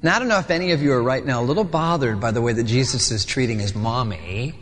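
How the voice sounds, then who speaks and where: A male pastor preaching a sermon, dramatic and animated, acting out the voices of the people in the story. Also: mid-range voice, fast, big-room sound.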